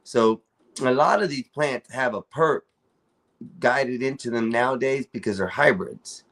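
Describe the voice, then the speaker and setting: A man's voice: medium pitch, a little slow, a bit bright. A man hosting a casual panel chat, rambling and joking in a loose way.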